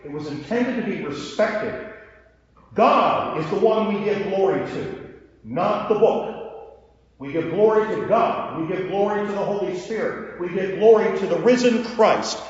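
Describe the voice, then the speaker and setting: High-voiced pastor in an echoey hall. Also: male voice, unhurried. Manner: animated storytelling with acted dialogue asides. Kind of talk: sermon. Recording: echoey hall, dull lo-fi sound.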